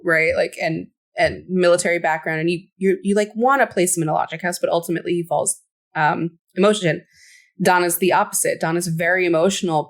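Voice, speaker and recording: Give me an animated woman podcast co-host. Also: on the low side. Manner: animated, acts out quotes with laughter. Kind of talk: casual chat.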